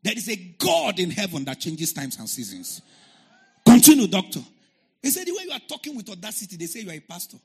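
A man preaching a fervent sermon, his voice gravelly and husky. His pitch sits high for a man and leaps widely as he moves from quiet storytelling into shouted, chanted climaxes. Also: huge pitch swings, quick pace, hardly any pauses. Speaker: pastor.

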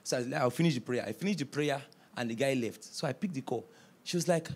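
A male pastor preaching a sermon, telling stories with quoted dialogue and rising to shouts. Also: medium pitch, fast talker. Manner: storytelling, animated, rising to shouts.

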